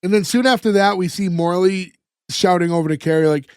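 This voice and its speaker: A man's voice: high voice, fairly even intonation, quick pace, clean tone, dry recording, clean studio sound. A man co-hosting a podcast, recapping a sitcom scene by scene and acting out the characters' lines. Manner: storytelling, acts out characters' lines. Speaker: podcast co-host.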